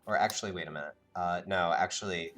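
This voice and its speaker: A man narrating as game master of a tabletop game, halting and restarting as he goes. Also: low-pitched, fairly bright tone, faint music behind.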